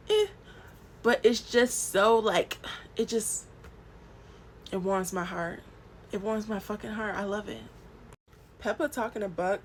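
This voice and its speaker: Animated, profane woman. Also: medium pitch, slight background noise. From the American South. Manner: animated, profane and swinging from loud outbursts to soft murmurs. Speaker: TV commentator. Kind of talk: casual solo commentary.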